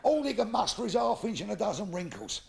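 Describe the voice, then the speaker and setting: A man's voice: high voice, very animated, quick pace, gravelly. An older man telling bawdy jokes in brash stand-up on a theatre stage. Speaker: stand-up comedian. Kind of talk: live stand-up comedy. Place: theatre stage before an audience.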